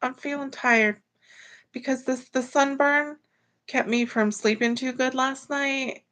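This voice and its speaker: A woman's voice: high voice, steady tone, unhurried, fairly bright tone. A tired woman hosts a casual livestream from home, greeting viewers by name. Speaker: livestream host.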